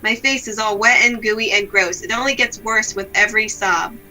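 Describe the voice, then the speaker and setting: A woman's voice: mid-range voice, normal speed, bright, forceful tone, poor audio. A woman reading a gloomy self-blaming young woman. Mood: melancholy. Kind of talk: reading a visual novel aloud.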